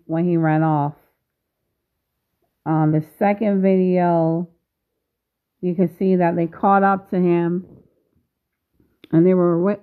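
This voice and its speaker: A woman in her fifties talking casually to her viewers, slow and measured, pausing often. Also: lowish voice. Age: 50s. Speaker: vlogger. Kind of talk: casual video commentary. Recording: tinny phone-like sound.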